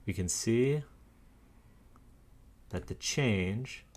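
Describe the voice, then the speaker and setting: Guy with a lowish voice clicking thru charts, casual and scornful, keeps scoffing. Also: animated, drawn-out words, darkish tone, a little hiss or hum. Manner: scornful, argumentative, laughs dismissively. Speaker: commentator. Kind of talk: casual screen-share walkthrough.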